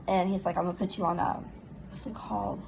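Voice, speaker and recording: A middle-aged woman, chatting casually in a rambling, animated storytime while recovering from pneumonia. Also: mid-range voice, quick pace, gravelly, background noise. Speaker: vlogger.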